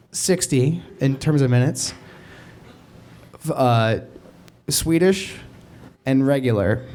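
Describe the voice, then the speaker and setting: A man's voice: fairly high pitch, a little mellow, slight background noise. A man telling a comic story in a rambling, self-interrupting way, laughing as he goes. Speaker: comedian telling a story on a podcast. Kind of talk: stand-up style comic storytelling.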